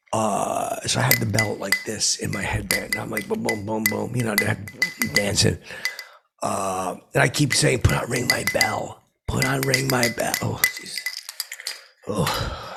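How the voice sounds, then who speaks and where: A man playing a belligerent, boastful washed-up guy in an in-character comedy podcast, rambling and halting with many fillers and restarts. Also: lowish voice, vocal fry.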